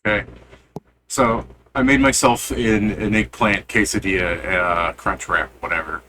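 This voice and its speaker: A man's voice: on the low side, steady tone, a little slow, noisy background. A man in casual pregame chat with his gaming group, venting in an irritated, swearing rant and acting out both sides of an argument. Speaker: player in a tabletop game group.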